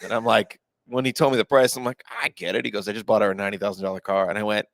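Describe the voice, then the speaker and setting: A man co-hosting a podcast, chatting casually and relaxed about working in the bar trade. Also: on the low side, very fast, no room sound. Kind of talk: casual chat.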